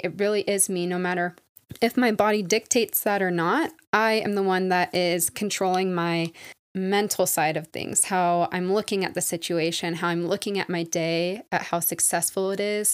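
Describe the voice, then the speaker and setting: Young woman podcasting solo, rambly and chatty, mid-pitched, lots of likes. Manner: rambling and self-deprecating, many likes and you guys. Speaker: podcast host. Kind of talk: casual solo podcast chat.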